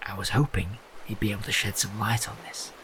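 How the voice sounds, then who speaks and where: Man, tabletop player in character, low voice, faint background noise. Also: level tone, a little fast, a bit bright. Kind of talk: in-character tabletop role-play.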